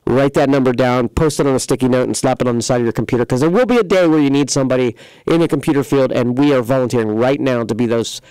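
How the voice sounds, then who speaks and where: A man talks in a relaxed, rambling way, pitching his repair shop and drifting into everyday stories. His voice is smooth and clear at a middle pitch. The studio sound is dry and close. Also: quick pace, no room sound, rough recording. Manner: rambling, filler-heavy, folksy sales talk. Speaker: computer repair shop host. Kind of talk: casual local radio-style talk show.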